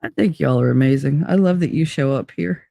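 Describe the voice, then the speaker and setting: A woman's voice: sits low, brisk, creaky, warm tone, no room sound. Woman streamer, blunt and profane, easy laughs; dry close mic. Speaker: live streamer. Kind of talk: casual live-stream chat.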